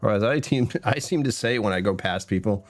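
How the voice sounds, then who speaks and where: Deep-voiced man rambling through a livestream. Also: brisk, soft background music. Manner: rambling, chuckles often, greets chat by name. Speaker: live streamer hosting his own show. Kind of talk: casual livestream chat.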